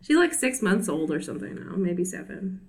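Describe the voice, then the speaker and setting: A woman's voice: lowish voice, big pitch swings, normal speed, breathy edge. Woman cooing and laughing on a call. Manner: playful, laughing, coos at her cat. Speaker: podcast co-host. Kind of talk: casual chat. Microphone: video call.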